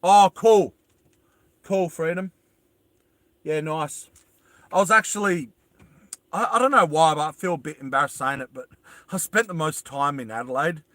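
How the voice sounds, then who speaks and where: An Australian man talks casually to a live audience from inside a small van, wandering between thoughts and calling out greetings to viewers. His voice sits a little high and sounds bright and forceful. The sound is close and dry. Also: normal speed, pauses often, dry recording. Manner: rambling, greets viewers and answers chat aloud. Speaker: live streamer. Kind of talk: casual livestream chat.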